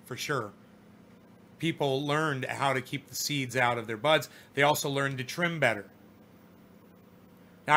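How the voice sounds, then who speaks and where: A man's voice: medium pitch, pushed and bright. A man rambling through a personal story in casual, profane talk, often repeating and restarting as he remembers. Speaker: vlogger telling a personal story.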